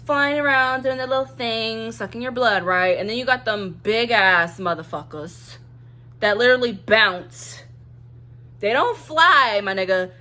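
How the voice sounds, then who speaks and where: A woman's voice: medium pitch, a bit bright, slight background noise. A young woman from Louisiana with a Southern accent, chatting bluntly and profanely to camera in a vlog, hammering points home with repetition. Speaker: vlogger. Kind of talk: casual chat to camera.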